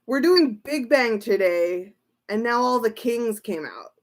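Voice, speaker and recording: Woman tarot reader, unhurried delivery, excitable and exclamatory, casual stream. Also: a little high. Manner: excitable, exclaiming and repeating herself. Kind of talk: casual tarot reading livestream.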